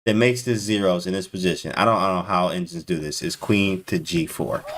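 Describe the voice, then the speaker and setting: A man commentating chess live to his stream chat, excitable and disbelieving, talking in casual slang. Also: low-pitched, noisy background.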